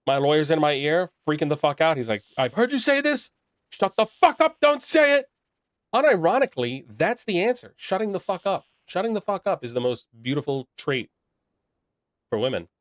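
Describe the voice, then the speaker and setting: A man's voice: on the high side, a bit bright, no echo, clean studio sound. A young man chatting casually on a live stream, rambling and making crude jokes while reacting to chat. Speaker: livestreamer reading chat.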